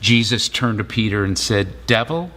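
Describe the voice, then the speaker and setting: A male pastor giving a sermon, retelling scripture in relaxed, casual storytelling. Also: fairly low pitch, a little slow.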